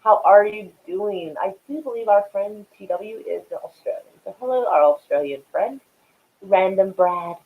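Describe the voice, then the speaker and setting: A high-pitched man with vocal fry chats with his live-stream viewers at a moderate pace, smoking as he talks. The audio is phone quality, and he rambles profanely, using plenty of fillers.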